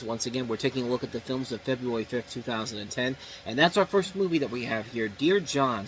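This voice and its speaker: A man's voice: mid-range voice, fairly bright tone, slight background noise, low-quality recording. A man hosting a casual movie review show, seated, talking in a rambling way with many fillers and restarts. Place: indoors, seated.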